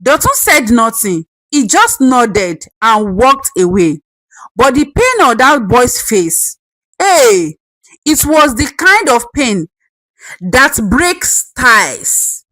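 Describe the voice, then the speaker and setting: A woman's voice: a little high, big pitch swings, slow, fairly bright tone, no room sound, poor audio. A woman narrating a dramatic family story expressively.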